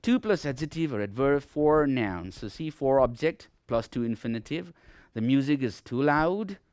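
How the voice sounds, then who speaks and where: Man, English teacher, TV grammar lesson, emphatic, keeps saying okay, smooth voice, mid pitch. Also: moderate pace, no room sound, clean studio sound. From Nepal. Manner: emphatic, repeats "okay?" often, lively classroom delivery. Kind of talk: televised distance-learning grammar lesson.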